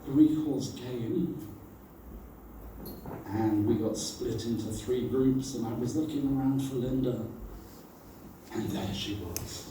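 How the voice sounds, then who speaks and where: A man giving a storytelling tribute about an old friend, animated and acting out the voices he quotes. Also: medium pitch, slow, long pauses, noisy background. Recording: very echoey room, voice from far off.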